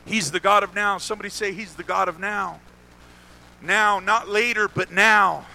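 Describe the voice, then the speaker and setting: A man's voice: sits high, steady tone, normal speed, gravelly, bright, forceful tone, slight background noise. A man preaching a sermon as pastor, calling for responses from the congregation and repeating phrases for emphasis, with casual asides.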